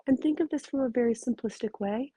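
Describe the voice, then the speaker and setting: A relationship coach records her solo podcast from her bedroom, curled up in bed, sounding tired while staying casual, frank and emphatic with plenty of swearing. Her slightly high voice is quick, dark-toned and a touch rough. There's no echo.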